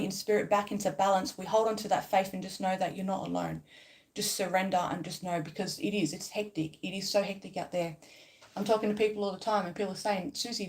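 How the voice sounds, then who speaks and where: A woman's voice: medium pitch, a little mellow. A woman in a casual spiritual vlog, talking emphatically and repetitively and swearing freely. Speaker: spiritual vlogger. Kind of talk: casual spiritual pep talk.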